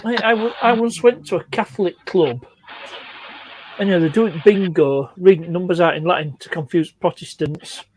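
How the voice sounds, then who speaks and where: A man's voice: sits high, normal speed, darkish tone, rough recording. A man on a live-stream chat telling old jokes and laughing at his own lines. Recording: faint background noise.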